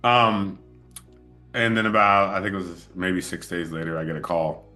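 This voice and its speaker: A man with a very low voice hosts a casual sit-down interview. His tone is bright and forceful as he tells a loose, relaxed story. He laughs easily along the way. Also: normal speed, soft background music. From moved to LA as an adult. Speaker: podcast host.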